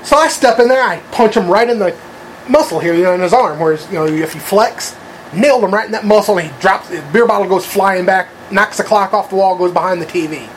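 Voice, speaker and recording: A man's voice: sits high, a little fast, slight background noise, low-quality recording. A man telling a crude, rambling anecdote in casual chat, swearing freely and laughing at his own story.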